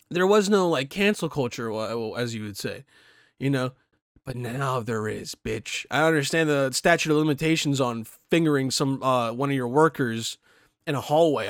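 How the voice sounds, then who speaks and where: Man, somewhat high voice, profane rambling commentator, dry close recording. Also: dry recording. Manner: heavy swearing, rambling, reads aloud then reacts. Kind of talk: profane ranting commentary on a news article.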